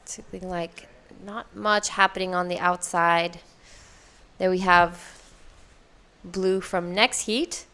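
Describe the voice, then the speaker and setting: A woman's voice: fairly low pitch, steady tone, slow, sharp tone. A woman co-commentating a surf contest live, describing each wave fluently and in detail.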